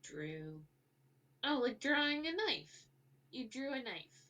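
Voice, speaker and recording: A woman's voice: high-pitched, very animated, takes it slowly, sharp tone. Rambling woman game master, a bit distant. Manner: rambling, many fillers and restarts. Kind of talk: narrating a tabletop game.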